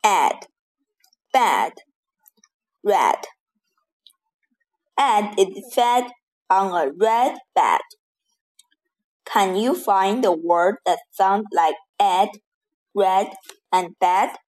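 A woman reads a children's rhyming lesson at an extremely slow pace, pausing after every single word. Her delivery is careful and deliberate, with a middle-pitched voice. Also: lively intonation, a little mellow. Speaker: teacher reading rhymes.

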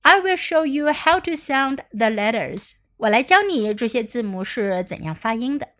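A woman reading as a kind, patient woman who drives a book wagon, in a gentle, encouraging way. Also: on the high side, big pitch swings, moderate pace.

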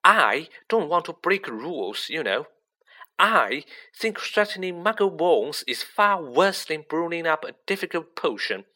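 A man reading a story aloud, putting on the voice of a clever, bossy young schoolgirl who talks shrilly and excitedly. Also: on the high side, measured pace, pitched above the performer's own voice, heavily acted. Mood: indignant. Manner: breathless, excited.

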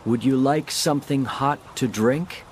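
A woman voicing a friendly young male soldier in a storybook reading, speaking slowly and clearly. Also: rumbling low, darkish tone, a little hiss or hum, voice pushed down. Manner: slow, clearly spoken lines. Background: background music.

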